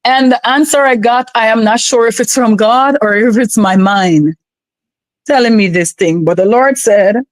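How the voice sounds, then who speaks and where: A woman with a Guyanese accent gives an earnest, emotional personal testimony as a podcast guest, repeating herself as she goes. Her voice sits somewhat high and sounds dry and close. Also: normal speed, dry recording, poor audio.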